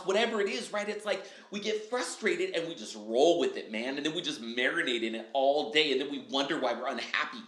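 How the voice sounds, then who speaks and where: A man speaking as a podcast guest, upbeat and animated, acting out his own quotes and often asking "right?" and saying "dude.". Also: fairly high pitch, fast, hardly any pauses. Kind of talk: casual podcast chat. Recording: echoey room.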